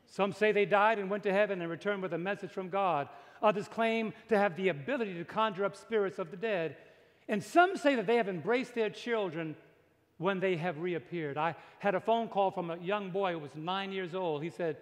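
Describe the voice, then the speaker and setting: A pastor preaching a dramatic sermon to a congregation, slowing down to stress his points. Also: high-pitched, big-room sound. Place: large church before a congregation.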